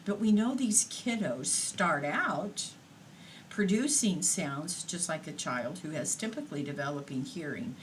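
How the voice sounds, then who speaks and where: Slow, measured woman lecturing. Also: low voice, lively intonation, a little hiss or hum, poor audio. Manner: unhurried, explanatory, with fillers. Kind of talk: recorded lecture.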